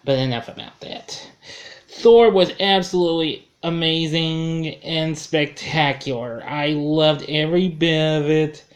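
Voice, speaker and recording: A man's voice: fairly high pitch, unhurried. A man giving a casual film review, rambling and correcting himself as he goes. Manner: rambling, self-correcting, chuckles at his own slips.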